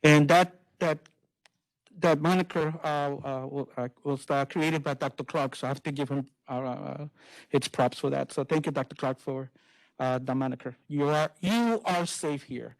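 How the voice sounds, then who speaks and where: A woman's voice: extremely low pitch, little pitch movement, moderate pace. A woman, out of breath, giving a chatty town hall update on committee groups, with many fillers. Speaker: college committee lead.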